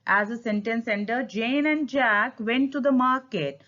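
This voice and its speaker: A woman's voice: fairly high pitch, expressive, a little slow, fairly bright tone. A woman with an Indian English accent teaching a grammar lesson, stressing key words and slipping into Hindi to explain. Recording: dull lo-fi sound.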